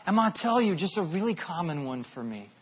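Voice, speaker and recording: A man's voice: big pitch swings, a little fast, slight background noise. A man in his thirties preaching a sermon, telling a personal story in an earnest, confessional way. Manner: earnest, confessional, swells louder and higher at emotional peaks. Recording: dull lo-fi sound.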